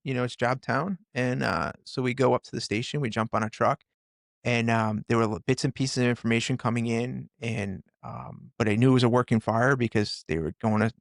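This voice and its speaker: Earnest middle-aged man with gravelly voice. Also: medium pitch, fairly even intonation, no room sound, studio quality. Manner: earnest, halting, with many restarts. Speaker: podcast guest, firefighter and author. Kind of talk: storytelling in a conversation.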